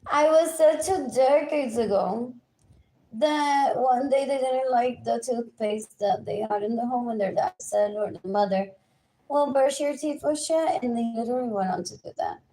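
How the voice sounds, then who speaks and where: A woman's voice: a little high, normal speed, warm tone. A woman, ranting agitatedly on a live stream, repeating herself in chanted lists and switching languages mid-sentence. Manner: switches between English and Spanish mid-sentence. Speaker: livestreamer. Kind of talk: unscripted live stream rant.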